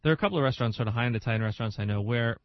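A man's voice: medium pitch, racing, no room sound, dull audio. A man co-hosting a casual restaurant chat, joking, rambling and often laughing. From Irish-American, New Jersey. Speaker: podcast co-host.

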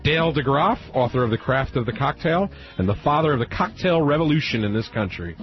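A man hosting a radio talk show, brisk, with wry interjections. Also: medium pitch, animated, faint music behind. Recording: slightly dull radio sound.

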